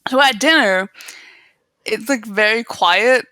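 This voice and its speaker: A woman co-hosting a podcast, recapping a TV episode in casual chat with animated retelling and frequent laughter. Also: fairly high pitch, takes it slowly, no room sound. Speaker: podcast co-host.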